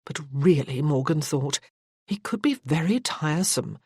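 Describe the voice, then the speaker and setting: An audiobook narrator reading a period romance in a measured, even storytelling voice. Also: medium pitch, slightly rough, no room sound, studio quality. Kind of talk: scripted narration.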